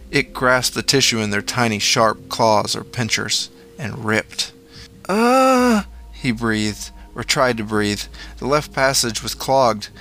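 A man reading a horror story aloud in a measured, dramatic storytelling manner. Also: lowish voice, sharp tone. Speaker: narrator. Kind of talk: scripted horror story narration.

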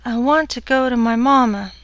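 A woman voicing a young wife who is frightened and worn down, speaking quietly and pleading. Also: on the high side, moderate pace, no echo, highs cut off, lightly acted.

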